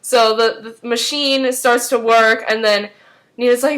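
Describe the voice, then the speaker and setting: A woman's voice: on the high side, steady tone, a bit bright. A young woman casually recapping a TV episode, rambling with many fillers and briefly acting out the characters' lines. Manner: rambling, many "like"s, acts out lines in quick voices. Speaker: recap vlogger.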